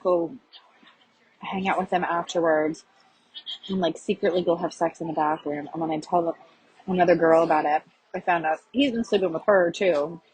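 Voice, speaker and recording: Very husky low-voiced woman, confessional. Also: darkish tone, low-quality recording. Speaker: podcast host. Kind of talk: confessional monologue.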